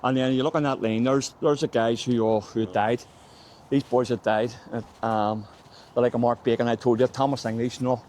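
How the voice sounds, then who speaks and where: Belfast local guide, middle-aged man, loose storytelling chat on the street, mid-pitched voice. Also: fairly even intonation, moderate pace, a little mellow, a little hiss or hum. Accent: Northern Irish (Belfast). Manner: chatty storyteller, says "mate" constantly. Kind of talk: casual walking-tour chat. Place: outdoors on city streets.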